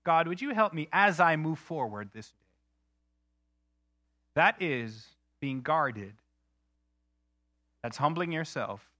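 Male pastor, sermon, earnest and emphatic, slightly high voice, bright tone. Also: animated, no echo. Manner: earnest, emphatic preaching with slowed, stressed phrases.

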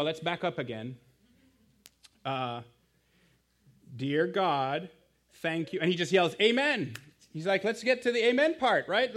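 Male preacher, thirties, slightly raised pitch, conversational sermon delivery with rhetorical questions. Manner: conversational, emphatic, asks the audience questions. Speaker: guest preacher, campus missionary.

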